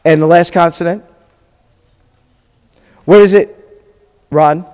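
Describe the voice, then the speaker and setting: A man teaching a beginners' language class, chatty and patient, often quizzing the room. His voice sits a little high for a man. It rings with the long reverb of a classroom. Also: steady tone, slow, a little mellow, clean tone. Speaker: rabbi teaching a Hebrew class. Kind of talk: classroom teaching with questions to students.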